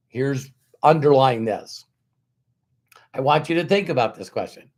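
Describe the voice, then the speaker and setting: A man's voice: fairly high pitch, normal speed, a little mellow. A man giving a motivational talk, telling stories in a conversational way, repeating words for emphasis and acting out quoted dialogue with rhetorical questions. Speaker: motivational speaker.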